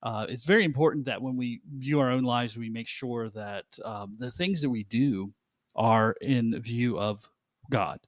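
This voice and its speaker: A man's voice: medium pitch, measured pace, dry recording, studio quality. Laughing, rambling male podcast host. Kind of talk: casual chat.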